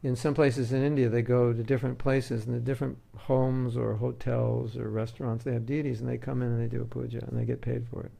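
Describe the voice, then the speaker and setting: A man with a deeply gravelly voice gives a relaxed, conversational devotional talk. His tone is dark and mellow, and he teaches through everyday examples and light jokes. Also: a little fast, few pauses. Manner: conversational, joking, uses homely examples. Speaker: spiritual teacher.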